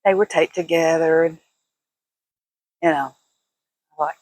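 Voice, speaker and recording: A woman's voice: deep voice, steady tone, slow, darkish tone, no echo, rough recording. An older woman chatting casually to camera as a vlogger, laughing often in a folksy way. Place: at home, walking indoors and out.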